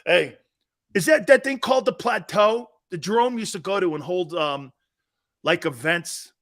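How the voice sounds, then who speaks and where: A middle-aged man hosting a sports talk show, telling stories loudly, laughing often and acting out what his friends and family said. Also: sits high, moderate pace. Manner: loud, laughing, excitable, acts out quotes from friends and family. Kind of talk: animated storytelling on a sports show.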